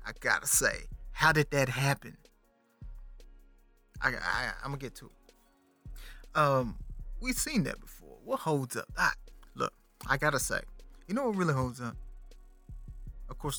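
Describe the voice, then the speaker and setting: A man in his thirties, a podcast host, talking about a movie in a casual, slangy way, often turning to the listener. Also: fairly high pitch. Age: 30s. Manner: animated, slangy, talks to the listener. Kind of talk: casual movie review chat.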